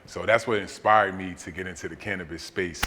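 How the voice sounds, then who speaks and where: A man with a very low, bright-edged voice telling a personal story at a seminar in an easy, folksy way, dotted with fillers. The sound carries long reverb from the hall, with faint noise underneath. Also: fairly quick. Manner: relaxed, folksy, many fillers. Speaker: interview guest, storyteller. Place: seminar hall in a large venue.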